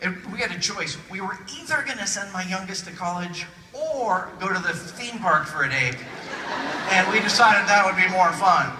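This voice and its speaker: A high-pitched keynote speaker entertains a conference crowd with a jokey, animated motivational talk, slipping into little voices along the way. The recording comes from a distant phone in the echoey hall, picking up audience laughter and crowd noise.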